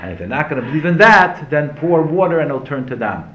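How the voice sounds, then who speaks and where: Animated male rabbi, roomy echo. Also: fairly high pitch, quick pace. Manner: animated, asks and answers his own questions, chants verse quotes. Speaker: rabbi teaching a Torah class. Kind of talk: Torah class lecture. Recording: roomy echo, faint ambience.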